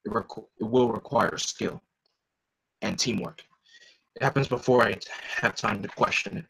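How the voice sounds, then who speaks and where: A man voicing a grim, focused adult male caped vigilante, reading a comic aloud in a low, measured inner monologue. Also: vocal fry, fairly bright tone, slightly rough, exaggerated voice, low-quality recording.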